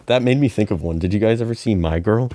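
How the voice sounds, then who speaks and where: A man with a very low voice, co-hosting a casual podcast and reading out questions. He explains things earnestly and steadily, recorded close and dry. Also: fast talker, warm tone, dry recording. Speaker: podcast co-host. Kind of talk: casual chat.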